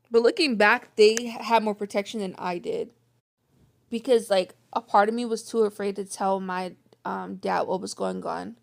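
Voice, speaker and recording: Venting young woman with gravelly voice. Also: mid-range voice. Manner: frustrated, venting, heavy use of "like". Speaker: vlogger. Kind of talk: personal storytime vlog.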